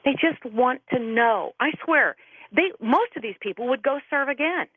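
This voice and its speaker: A woman's voice: sits high, lively intonation, moderate pace, no room sound. A middle-aged woman, a veterans' advocate calling in as a radio guest, telling stories earnestly and quoting people at length. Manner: earnest storytelling, quotes others at length. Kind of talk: radio interview over the phone. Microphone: telephone. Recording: tinny phone line, dry.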